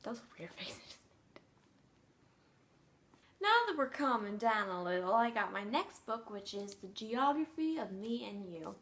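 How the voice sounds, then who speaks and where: A bubbly teenage girl rambling about her latest book haul. She gushes and trails off into fillers, her voice sitting at an ordinary middle pitch for a young woman. Casual, unscripted vlog chatter. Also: big pitch swings, unhurried, pauses often, a bit bright. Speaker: book vlogger.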